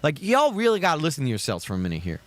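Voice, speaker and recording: A man's voice: on the high side, huge pitch swings, racing, no echo. A man with a Southern US accent giving heated, profane reaction commentary on videos.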